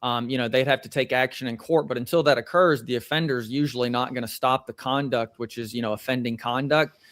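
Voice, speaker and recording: A young man with a Southern American accent, speaking as an attorney guest in an interview. He explains things in a measured way with plenty of fillers, at a middle pitch. The sound is dry and close. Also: steady tone, fairly bright tone, no room sound. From Tennessee, USA. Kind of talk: interview answers.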